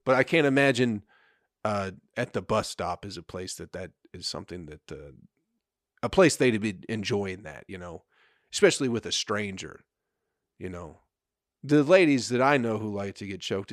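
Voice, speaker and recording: A man's voice: fairly low pitch, no room sound, studio quality. A young adult man on a profane, rambling comedic rant, full of filler and laughter. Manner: rambling, crude, laughs often.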